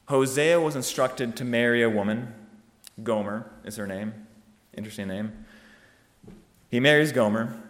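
A man preaching a sermon, emphatic and driving his points home with rhetorical questions that build to loud peaks. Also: medium pitch. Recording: long reverb of a hall.

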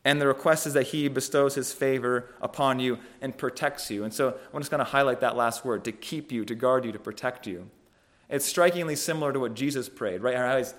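A man giving a conversational sermon on a scripture passage, thoughtful and halting, often restarting phrases and checking in with "right?". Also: mid-range voice, a bit bright. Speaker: preacher.

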